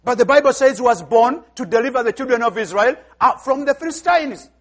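High-voiced visiting pastor preaching emphatically. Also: male voice, animated, a little fast. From outside the United States. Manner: emphatic preaching, repeats phrases, acts out dialogue. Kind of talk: sermon.

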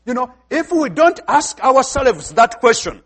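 A man's voice: very high-pitched, sing-song, a little slow, fairly bright tone, breathy edge. A man from Africa with an African accent, preaching a sermon emphatically and asking the congregation questions.

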